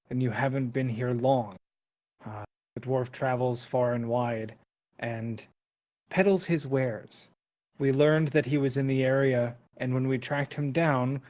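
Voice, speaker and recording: A proud, wounded giant, as a man voices him speaks slowly and loudly with heavy scorn. The voice sits at an ordinary middle pitch for a man. This is a tabletop game told around the table. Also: close to an everyday voice.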